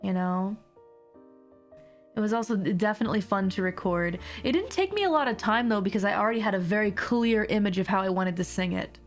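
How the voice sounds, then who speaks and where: A woman's voice: medium pitch, lively intonation, fairly quick, faint music behind. A young woman streamer with a mild sore throat, chatting casually and rambling with frequent laughs. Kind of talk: casual livestream chat.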